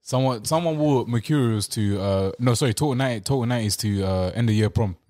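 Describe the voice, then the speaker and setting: A young man, co-hosting a casual podcast and bantering with quick interjections. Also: medium pitch, mellow. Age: 20s. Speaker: podcast co-host. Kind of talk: casual chat.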